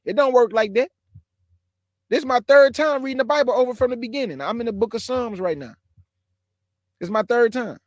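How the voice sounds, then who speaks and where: With an extremely high-pitched voice, this man speaks fairly quickly and pauses often; the studio-quality recording has no room sound. He's in his forties, preaching casually and emphatically as a caller in an online religious discussion, saying bro and y'all to listeners.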